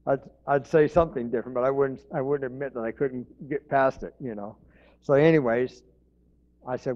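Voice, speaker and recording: Pastor, male, casual storytelling sermon, mid-pitched, muffled lo-fi church tape. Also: fairly even intonation, fairly quick. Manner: folksy storytelling with restarts and chuckles. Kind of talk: informal sermon.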